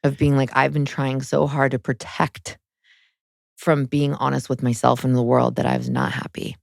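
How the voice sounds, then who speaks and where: A woman in her thirties speaks as an interview guest, frank and emotional, with lots of "like" fillers. Her voice has a gravelly, fry-laden edge. The sound is dry and close, with no room around it. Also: very deep voice, lively intonation, moderate pace, no echo. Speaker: guest, spiritual guide. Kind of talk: candid personal interview.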